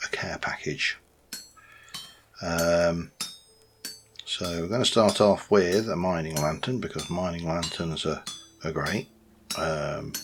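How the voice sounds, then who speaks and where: A man's voice: sits low, slightly rough. A man chatting casually and rambling a little while he plays a game and comments on it. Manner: chatty and rambling, with many fillers. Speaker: let's-play host.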